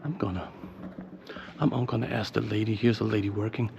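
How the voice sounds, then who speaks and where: A German man with a German accent vlogging casually while he walks a square and a church, rambling with fillers and speaking hushed inside. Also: on the low side, little pitch movement, quick pace, vocal fry. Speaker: travel vlogger. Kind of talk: casual walking vlog. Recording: muffled, noisy background.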